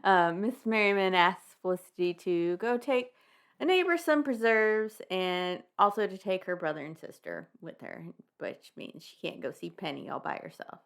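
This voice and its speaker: Brief: young woman podcast host, gravelly fry, wry and laughing, casual swearing, chatty book recap. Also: medium pitch, expressive, normal speed, fairly bright tone.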